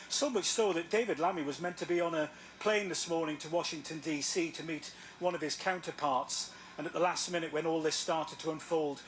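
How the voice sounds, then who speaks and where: A man's voice: a little high, a bit bright. Formal male news correspondent. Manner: measured, formal reporting. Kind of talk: broadcast news report.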